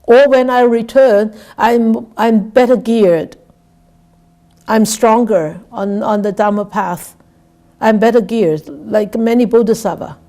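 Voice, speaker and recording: A Buddhist nun giving a dharma talk. She speaks haltingly, repeats words and keeps asking "right?". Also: fairly high pitch, fairly even intonation, mellow. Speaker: Buddhist nun teaching scripture.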